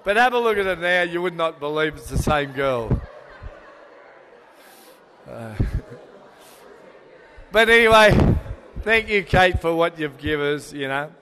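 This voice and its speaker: A man's voice: on the high side, lively intonation, takes it slowly, pauses often, bright, forceful tone. Older Australian man giving a wedding toast. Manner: rambling, sentimental, with many fillers and restarts. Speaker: father of the bride. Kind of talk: wedding speech. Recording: long hall reverb.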